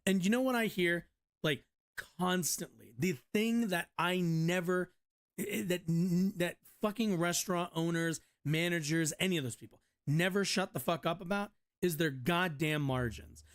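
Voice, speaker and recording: A man with a high-pitched voice streams at normal speed, reading news and reacting to it. His commentary is casual, rambling and profane, and he keeps restarting his sentences.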